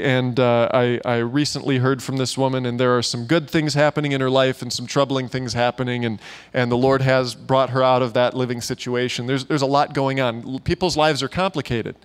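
A man preaching to a church gathering, telling a story in a lively way and acting out the voices of the people in it. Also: mid-range voice, normal speed, clear, resonant tone. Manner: animated storyteller who acts out quoted voices and laughs often. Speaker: pastor. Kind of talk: sermon storytelling. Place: church meeting room.

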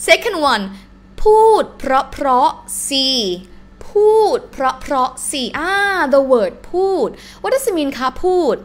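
A young woman with a Thai accent teaching a live-streamed language lesson in a chatty, animated way. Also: high-pitched, fast talker.

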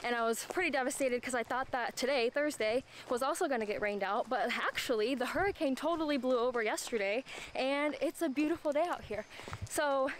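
A woman's voice: high voice, a little fast, a little hiss or hum. Chatty upbeat young woman vlogger. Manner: chatty, upbeat, says "like" often. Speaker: vlogger and disc golfer. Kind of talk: casual vlog chat.

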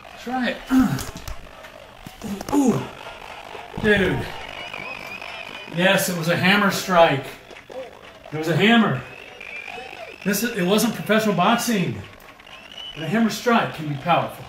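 A man's voice: high voice, lively intonation, slow, long pauses, echoey room, far from the mic, background noise. A man trash-talking an opponent while playing a VR boxing game, teasing and out of breath. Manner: teasing, chatty, exclaims a lot. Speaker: gaming video creator.

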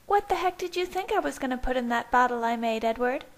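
A sarcastic young woman, as a woman puts her on, mocking in a high, quick voice for a fan fiction reading. She sounds sharp and swooping compared with the reader's usual low voice. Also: expressive.

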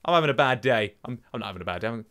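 A man's voice: medium pitch, lively intonation, rapid-fire, a bit bright, slight background noise. A young man hosting a let's play from home, rambling to himself and taunting enemies as he plays. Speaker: gaming channel host. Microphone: desk microphone.

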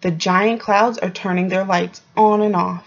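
A woman's voice: medium pitch, a little slow. A woman voicing a playful, reassuring young male hawk in a storybook read-aloud, in a dull lo-fi recording. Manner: lively and playful.

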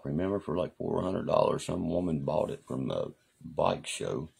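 A man's voice: a bass voice, expressive, normal speed, creaky, few pauses, darkish tone, husky. A man rambling profanely and boastfully through stories on a live stream. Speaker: livestreamer.

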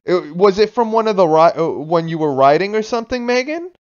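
A man from Florida streaming a video game live, casually chatting with viewers, swearing and breaking into excited outbursts. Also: high voice, a little fast, clear, resonant tone, lo-fi sound.

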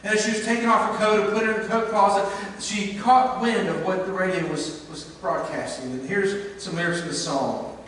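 High-voiced preacher in an echoing sanctuary. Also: male voice, fairly even intonation, brisk, slight background noise. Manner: earnest storytelling preacher, swinging between emphatic and hushed. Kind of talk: sermon. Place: church sanctuary. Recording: echoey church hall, mic at a distance.

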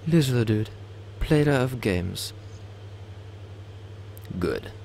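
A man's voice: medium pitch, expressive, very slow, gravelly, a little mellow, a little hiss or hum. A young man, host of a game video, giving a theatrical reading over gameplay, stumbling and tossing in joking asides. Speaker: let's play host.

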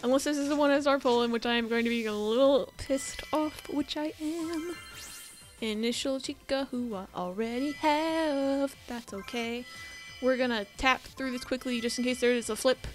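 A woman's voice: on the high side, steady tone, a little fast, faint music behind. A woman doing casual commentary on her game pulls, chatty, begging for good luck and swearing when it fails. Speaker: gaming YouTuber. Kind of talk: casual gacha pull commentary.

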